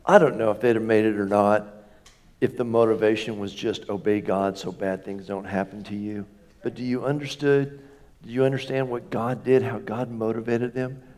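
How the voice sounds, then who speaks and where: A man's voice: fairly low pitch, steady tone, normal speed, a little mellow. A man preaching as a pastor in a conversational storytelling sermon, folksy, with self-deprecating humor and rhetorical questions.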